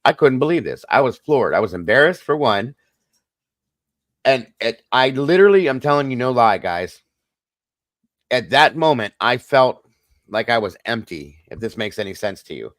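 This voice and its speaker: A man's voice: medium pitch, big pitch swings, normal speed, a bit bright, no room sound. A middle-aged man hosting a casual livestream chat, telling a personal story earnestly and talking straight to his viewers. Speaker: host.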